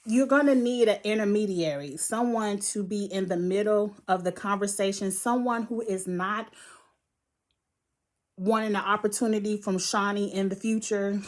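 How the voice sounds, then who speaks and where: A woman's voice: medium pitch, normal speed. Brief: woman vlogger, blunt and heated, swears freely, mid-range voice. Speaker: reality TV reviewer. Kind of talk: ranting commentary vlog.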